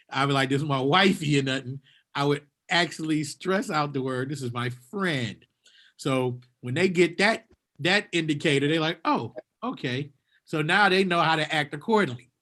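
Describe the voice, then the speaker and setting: Man, podcast co-host, high voice, bright tone, animated. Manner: animated, laughs often. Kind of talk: casual chat.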